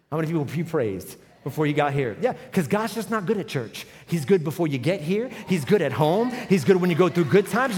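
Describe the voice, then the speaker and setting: A male pastor in his forties with a fairly high voice, telling a funny story to his congregation. He swings from quiet asides into loud, driving emphasis, and his voice rings with the long reverb of a large church hall. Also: slight background noise. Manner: storytelling, humorous, builds to loud emphatic runs. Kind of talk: sermon.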